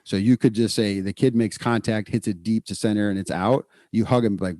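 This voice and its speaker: A middle-aged man co-hosting a podcast in casual, energetic chat, repeating words for emphasis. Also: lowish voice, brisk, few pauses, no room sound, studio quality. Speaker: podcast co-host, psychologist.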